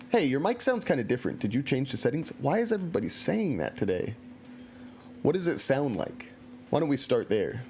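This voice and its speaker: A man's voice: medium pitch, sing-song, a little fast, darkish tone, slight background noise. A man streaming a video game, chatting casually in a playful, joking and self-mocking way. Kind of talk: casual let's-play commentary.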